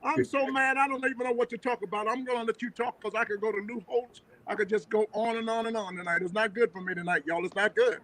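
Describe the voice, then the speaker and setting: An older man ranting and joking loudly with friends, talking over a telephone. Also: sits high, fairly even intonation, quick pace, few pauses. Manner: ranting, boisterous, laughing often. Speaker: comedian guest, weekly regular. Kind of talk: loud joking banter. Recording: dull lo-fi phone line audio.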